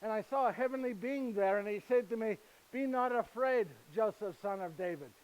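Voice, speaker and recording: An actor playing a humble, earnest Saint Joseph in a live monologue, speaking halting, slightly broken English directly to his listeners. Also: high-pitched, close to an everyday voice, poor audio. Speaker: actor in first-person monologue. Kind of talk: live dramatic monologue to an audience. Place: retreat gathering with live audience.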